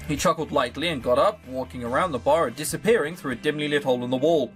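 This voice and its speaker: A man's voice: a little high, quick pace, hardly any pauses, fairly bright tone, faint music behind. A man reading a visual novel aloud for a video, with wry, sarcastic asides of his own. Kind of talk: reading aloud with joking commentary.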